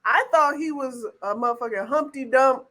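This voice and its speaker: A woman's voice: high voice, moderate pace, a bit bright. A woman co-hosting a podcast, bantering in a joking, self-mocking casual chat. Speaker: podcast co-host.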